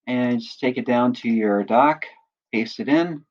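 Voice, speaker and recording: A man acting as instructor, patiently walking through a software tutorial and often checking in with listeners. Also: medium pitch, a little slow, lo-fi sound. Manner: patient step-by-step explaining, often checks in with "right?". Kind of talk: screen-recorded software tutorial.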